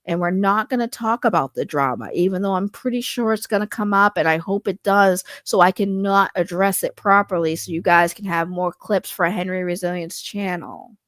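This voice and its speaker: A woman doing a parody impression of a defensive male indie filmmaker, talking low, slow and nasal as if congested, trying to sound articulate. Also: a bit bright, dry recording, clean studio sound, close to an everyday voice.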